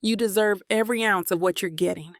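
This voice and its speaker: A woman's voice: medium pitch, brisk, dry recording, studio quality, close to an everyday voice. A woman voicing a wealthy, bitter young man bent on revenge, speaking in a cold, threatening way.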